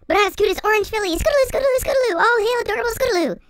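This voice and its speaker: A man's voice: very high voice, fast, a bit bright, no room sound, clean studio sound, voice pushed up. A man voicing his squealing, overexcited male inner fanboy as a comedic aside, gushing with adoration. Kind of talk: comedic aside in a video review.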